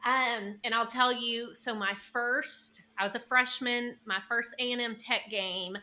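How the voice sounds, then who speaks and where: A young woman hosting a casual podcast, chatty and animated as she tells stories and asks questions. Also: a little high, measured pace. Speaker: podcast host.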